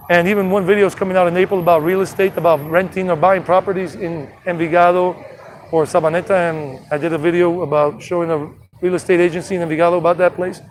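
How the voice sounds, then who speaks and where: A man's voice: on the high side, slight background noise. A man hosting a casual travel live stream from an outdoor city street, talking loosely and restarting sentences often into a phone held at arm's length. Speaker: travel vlogger.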